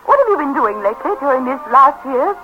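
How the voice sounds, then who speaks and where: A woman's voice: sits high, sing-song, fast. An actress playing a passionate, impulsive woman in love in an old radio drama, speaking dramatically and pleadingly. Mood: chatty. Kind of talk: 1930s radio acting. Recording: dull lo-fi old radio recording with music.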